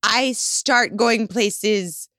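A woman's voice: medium pitch, extremely slow, sharp tone, no echo, studio quality. A woman co-hosting a casual chat, candid and self-mocking, laughing often. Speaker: co-host.

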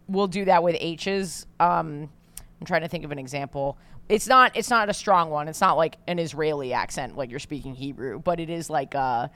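A woman with a New York accent, her voice hoarse with vocal fry, co-hosting a casual chat in a thoughtful, self-deprecating way. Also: low-pitched, moderate pace, fairly bright tone. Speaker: podcast co-host.

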